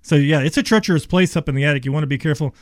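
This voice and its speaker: Fast-talking chatty middle-aged man. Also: fairly high pitch, no room sound, studio quality. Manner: chatty, rambling anecdotes with quoted dialogue. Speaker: attic service contractor guest. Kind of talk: casual storytelling on radio.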